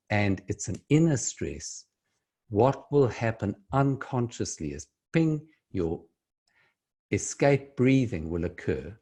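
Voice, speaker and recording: Slow deep husky man explaining calmly. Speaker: speaker giving breathing advice. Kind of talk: calm explanatory talk to camera.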